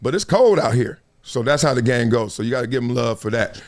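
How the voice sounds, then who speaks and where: Animated male live-stream host, lively pitch. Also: brisk. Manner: animated, laughing, mocking impressions. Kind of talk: casual live-stream commentary.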